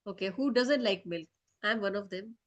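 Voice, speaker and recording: A woman teaching children, telling them a story in an animated way and often checking in to ask whether they follow. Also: medium pitch, moderate pace, highs cut off.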